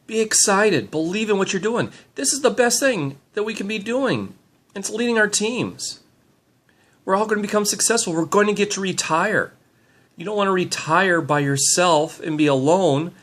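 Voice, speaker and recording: Middle-aged male team leader, self-filmed pep talk, slightly high voice, eager and loose with fillers. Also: moderate pace, fairly bright tone. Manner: upbeat, rambling, lots of fillers. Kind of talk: handheld motivational vlog. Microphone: handheld camera mic.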